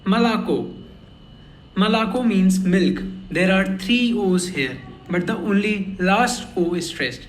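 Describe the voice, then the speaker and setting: Male tutor, high voice, slow and careful delivery with many repetitions, echoey room. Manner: slow and careful, repeats words for pronunciation. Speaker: language learner teaching lessons. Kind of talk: slow explanatory lesson.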